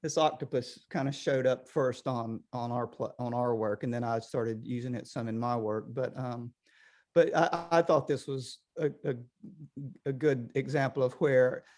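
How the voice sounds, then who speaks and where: Man, middle-aged, potter, casual video call chat, rambling, mid pitch. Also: moderate pace. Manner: rambling, animated, lots of restarts.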